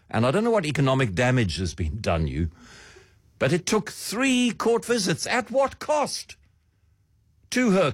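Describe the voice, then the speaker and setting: A man's voice: fairly high pitch, husky, no echo. A man hosting a radio talk show, delivering a sardonic, theatrical monologue with a swooping delivery. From South Africa.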